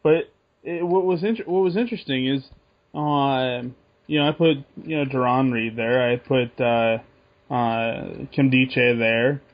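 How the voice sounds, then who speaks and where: A man co-hosting a sports podcast, talking through his picks in a relaxed way. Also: medium pitch, measured pace. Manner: relaxed, thinking aloud with restarts. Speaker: podcast co-host. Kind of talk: casual sports podcast chat. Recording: muffled lo-fi sound.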